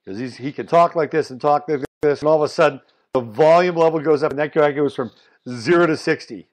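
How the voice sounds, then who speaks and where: A man hosting a solo commentary podcast, talking bluntly and swinging between loud emphasis and muttered asides. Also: on the high side, fairly quick. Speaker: podcast host.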